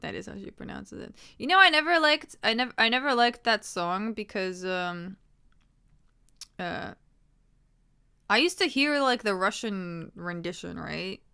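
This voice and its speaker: Woman, young adult, livestream chat, rambling, casual swearing, sharp bright tone. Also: mid-range voice, animated, measured pace, gravelly, clean tone.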